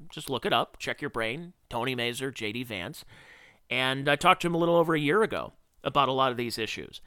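A man hosting a podcast, giving sarcastic, opinionated political commentary in an animated rant. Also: medium pitch, clean tone, no echo, clean studio sound. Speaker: podcast host.

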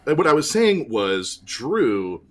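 A man's voice: mid-range voice, very animated, takes it slowly, a bit bright. A man co-hosting a casual chat over a call, earnest and full of "uh" fillers. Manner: earnest, complimentary, hesitant with many fillers. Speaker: podcast co-host. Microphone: remote call with dropouts.

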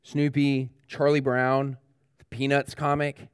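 A man's voice: medium pitch, monotone, takes it slowly, clear, resonant tone, no room sound, clean studio sound. A male pastor giving a children's sermon, asking the kids questions and talking to them directly.

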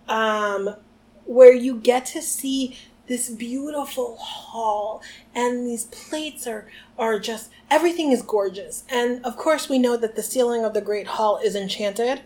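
Chatty higher-voiced woman co-host. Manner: chatty, animated, reads passages aloud. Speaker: podcast co-host. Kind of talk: casual chat and reading aloud.

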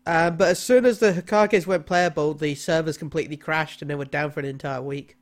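A man's voice: on the high side, fairly even intonation, a little fast, a little hiss or hum. Hesitant man chatting about games. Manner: hesitant, many ums and restarts. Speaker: podcast co-host. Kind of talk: casual chat.

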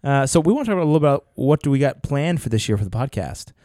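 A man's voice: medium pitch, expressive, rapid-fire, warm tone, no room sound, studio quality. A man co-hosting a podcast, talking in a casual, earnest way with many fillers and restarts. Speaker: podcast co-host. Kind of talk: casual chat.

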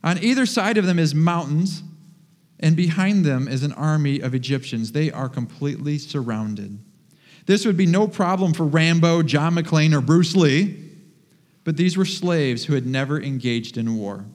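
An animated male pastor delivers a sermon in a church, lively and full of humor. His fairly high voice carries a long reverb from the large hall. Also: moderate pace.

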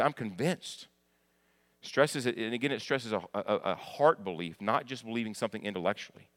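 A middle-aged male pastor preaching a conversational sermon, moving between quiet explanation and loud, emphatic passages. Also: lowish voice.

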